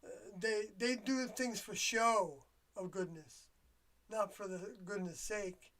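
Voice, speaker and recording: The voice is mid-pitched and fairly bright: an older livestream host reflecting aloud in a meandering, confiding solo talk. He stalls and trails off as he gropes for words, set a little back from the mic.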